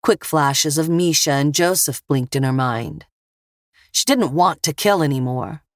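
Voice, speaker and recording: A woman narrating a thriller audiobook in a measured, steady voice. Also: sits low, no room sound, studio quality. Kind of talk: scripted narration.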